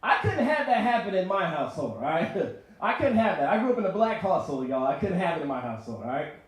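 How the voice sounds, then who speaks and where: A man's voice: high voice, big pitch swings, fast talker. Young man doing stand-up in an echoey room. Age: 20s. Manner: conversational, asks the crowd to follow along. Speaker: stand-up comedian. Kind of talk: stand-up comedy set. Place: record store performance space.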